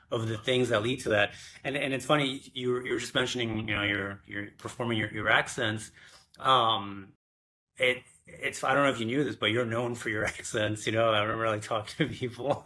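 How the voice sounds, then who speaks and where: A man hosting an interview as a director and screenwriter, speaking haltingly with many repeated words. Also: mid-range voice, fairly bright tone. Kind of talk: casual interview talk.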